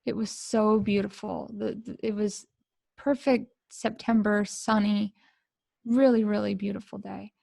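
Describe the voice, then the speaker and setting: Middle-aged American woman, podcast guest. Gravelly, flat delivery, emotional and halting, dry close sound. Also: medium pitch, no room sound. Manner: emotional, halting, many fillers and restarts. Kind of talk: personal storytelling.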